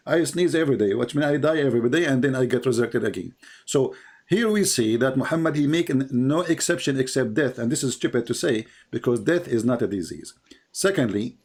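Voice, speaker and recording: A man's voice: mid-range voice, expressive, a little fast, darkish tone. A man hosting a heated live debate, mocking and combative, hammering the same words over and over. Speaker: host.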